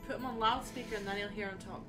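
A woman's voice: mid-range voice, fairly even intonation, fast talker, music in the background. A woman joining a game stream, playful and teasing in casual banter.

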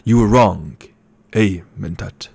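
A man voicing a gluttonous, scheming older male baron who speaks slowly and condescendingly. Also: sits low, creaky, a little mellow, breathy edge, exaggerated voice. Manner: slow, menacing and condescending.

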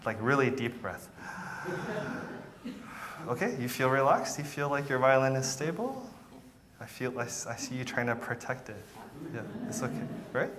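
A man's voice: medium pitch, very animated, normal speed, pauses often, background noise. A man teaching a violin masterclass, encouraging and patient, often repeating words and counting beats aloud. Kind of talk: masterclass coaching.

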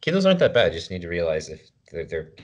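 Very deep-voiced joking podcast co-host. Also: male voice, wildly swooping pitch. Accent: American. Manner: joking, rambling, quick asides. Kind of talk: casual podcast chat.

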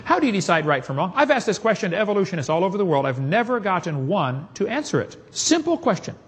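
A man's voice: high-pitched, sing-song, fast, a little hiss or hum. A man giving a preaching seminar talk in a folksy, emphatic way, chuckling at his own jokes. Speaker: creationist speaker.

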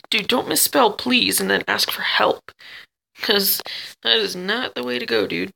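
A man giving let's play commentary as a channel host, excitable, chattering at the other players and yelping when chased. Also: high voice, a little slow, creaky, poor audio.

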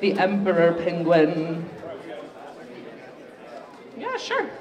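A host running a live student pitch contest in a university library event room. The host is chatty and upbeat and pokes fun at their own slip-ups. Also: huge pitch swings, drawn-out words, a little mellow, distant mic, muffled recording, some chatter behind. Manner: upbeat, chatty, self-mocking. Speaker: game show host. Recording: roomy, echoey room recorded from afar.

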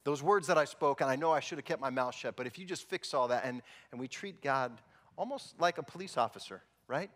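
Joking pastor in an echoing church. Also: male voice, mid-range voice, lively intonation, a little fast, fairly bright tone. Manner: humorous, conversational storytelling. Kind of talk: sermon. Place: church sanctuary. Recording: long reverb in a church hall.

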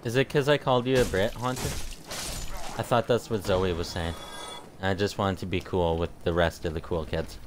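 A man's voice: low voice, fairly even intonation, normal speed, background noise. A man streaming a video game, chatting casually with viewers and often tripping over his words. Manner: rambling, jokey, trips over his words. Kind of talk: casual chat with live viewers while gaming.

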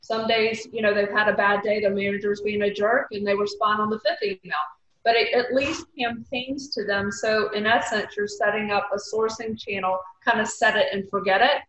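A woman's voice: medium pitch, steady tone, normal speed, fairly bright tone. A woman with a Southern accent talks through her point in a chatty, filler-laden way on a video call. Her voice sits in the middle of her range. The audio is muffled and echoey, with a faint hiss underneath. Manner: chatty, explanatory, full of fillers. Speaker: recruiter on a panel. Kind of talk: casual panel discussion.

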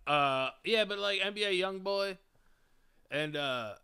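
Another podcast co-host, a young man with a high-pitched, clean voice, speaks at a measured pace. Chatting casually, he tells stories with lots of animation and performs the characters' voices.

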